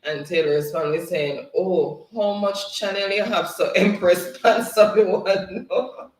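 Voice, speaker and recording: A man's voice: sits high, slow pace. A man hosting a casual livestream, reading viewer comments aloud and laughing often between them. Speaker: livestream host. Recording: roomy, distant from the mic.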